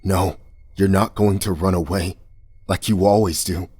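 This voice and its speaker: A man's voice: lowish voice, steady tone, moderate pace, slightly rough, soft background music. A man voicing a frantic young man held captive, talking harshly and close to sobbing. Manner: sharp, harsh, near sobbing. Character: frantic young male captive, bitter and raw.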